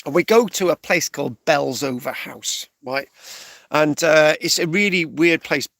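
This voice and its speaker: A man's voice: a little high, unhurried, gravelly, a bit bright, dry recording. A man telling a rambling comic story, stopping often with "right?" and restarting his phrases. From England. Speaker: stand-up storyteller.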